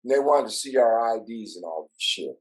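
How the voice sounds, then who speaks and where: A man's voice: on the low side, lively intonation, brisk, rough recording. An older man from Minnesota, a musician guest, telling a rambling story full of swearing and "right?" tags. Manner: profane, rambling with tag questions. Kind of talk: casual storytelling.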